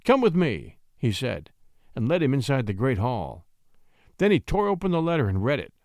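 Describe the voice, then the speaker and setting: A man narrating a classic short story in an expressive storytelling manner. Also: medium pitch, moderate pace, no echo, clean studio sound. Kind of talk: scripted narration.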